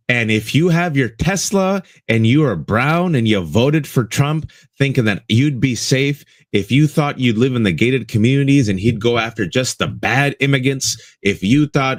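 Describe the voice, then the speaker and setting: A man's voice: mid-range voice, expressive, normal speed, few pauses, no echo, studio quality. A man co-hosting a live political talk show, giving impassioned commentary and addressing listeners as folks, repeating lines for emphasis. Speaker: co-host.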